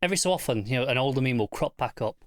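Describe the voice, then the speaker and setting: A man co-hosting a casual TV review podcast, thoughtful and measured with a dry teasing streak. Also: medium pitch, lively intonation, dry recording. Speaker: podcast co-host.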